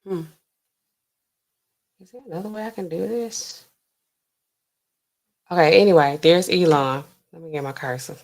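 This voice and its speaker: A woman's voice: on the low side, measured pace, pauses often. Chatty woman livestreaming news commentary. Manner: chatty, addresses the chat directly. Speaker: livestream host. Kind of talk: casual livestream commentary, reading news aloud.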